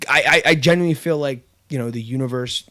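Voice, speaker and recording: A man's voice: medium pitch, fast, pushed and bright. A man hosting a casual podcast chat, telling a story with lots of fillers and restarts. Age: adult with kids. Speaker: podcast host.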